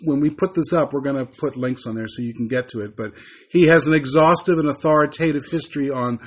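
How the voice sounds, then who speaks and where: A man co-hosting a podcast, chatting about films in a relaxed, informative way. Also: mid-range voice, slightly rough. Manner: relaxed, informative, with pauses and fillers. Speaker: podcast co-host. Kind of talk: casual chat about films.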